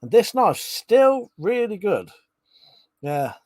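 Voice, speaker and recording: A man chatting casually on his live stream, voice sitting a little high. He swears freely and reads out comments from viewers. The sound is close and dry, with no room around it. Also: big pitch swings, takes it slowly, a little mellow, no room sound. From Britain. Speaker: livestream host.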